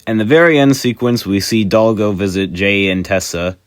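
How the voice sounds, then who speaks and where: A man's voice: fairly low pitch, normal speed, smooth, dry recording, studio quality. A young man chatting through an episode recap in a casual way, with wry little asides. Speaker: show reviewer.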